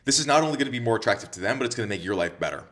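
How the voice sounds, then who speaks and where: A man's voice: medium pitch, expressive, very fast, a bit bright. Blunt, profane man giving dating advice. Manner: blunt, profane and emphatic, repeating points for stress. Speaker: dating coach. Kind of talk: direct-to-camera advice monologue.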